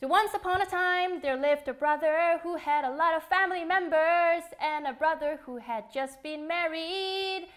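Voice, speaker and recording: A young woman hosts a live quiz stream, her voice sitting high. She chats playfully and giggles as she reads out viewer comments. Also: moderate pace, few pauses, fairly bright tone. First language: Korean. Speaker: host of a live quiz show.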